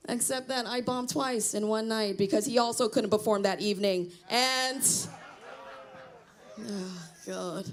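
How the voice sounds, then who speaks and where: A woman's voice: mid-range voice, a little slow. A middle-aged woman doing a self-deprecating stand-up comedy set on a small theater stage, chatting with the crowd. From Cambodian heritage.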